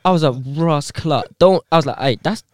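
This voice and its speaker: A man's voice: on the high side, a little fast, a crowd in the background. A young man, co-hosting a podcast and telling slangy stories in a casual chat. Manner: animated, slangy storyteller acting out quotes. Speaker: podcast co-host.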